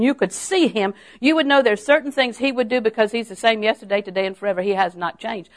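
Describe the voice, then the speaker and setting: An older woman preacher giving a sermon, telling homely stories and then rising into emphatic, drawn-out exhortations. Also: fairly high pitch. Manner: folksy storytelling that rises to emphatic, drawn-out exhortation.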